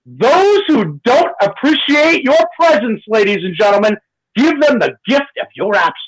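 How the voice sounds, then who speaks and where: Talk radio host, male, husky, animated delivery, higher register. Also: normal speed, low-quality recording. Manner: animated, acts out quoted voices. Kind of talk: impassioned talk radio monologue.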